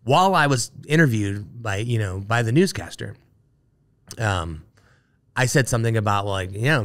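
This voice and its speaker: A man, an Army veteran, telling a story as a podcast guest with animated, filler-heavy talk. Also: fairly low pitch, moderate pace. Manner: animated, full of fillers like "like" and "you know". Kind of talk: casual storytelling interview.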